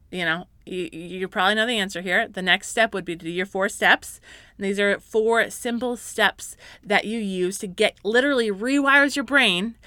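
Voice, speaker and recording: A woman in her thirties hosts a faith-based parenting podcast, talking in an earnest, encouraging way that swells into fervent emphasis. Her voice is bright and forward. The recording is dry and close, with no room sound. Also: medium pitch, dry recording. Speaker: podcast host.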